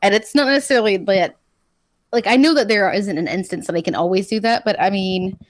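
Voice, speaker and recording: A woman's voice: medium pitch, a little fast. A woman guest on a live streamed chat show, talking candidly and laughing easily. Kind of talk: casual chat. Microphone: streaming mic.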